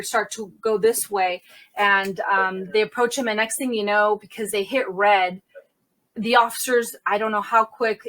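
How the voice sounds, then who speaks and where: A woman's voice: mid-range voice, fairly bright tone. Woman CSI retelling a shooting. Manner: vivid retelling, quick restarts and self-corrections. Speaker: crime scene investigator, podcast guest. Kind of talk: personal storytelling in conversation.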